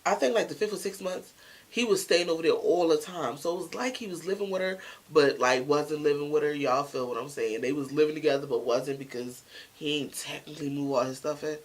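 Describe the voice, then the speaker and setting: A woman vlogger telling a story in a casual, slangy, animated way, acting out the dialogue as she goes. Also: low-pitched, a little fast. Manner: slangy, animated retelling with lots of quoted dialogue.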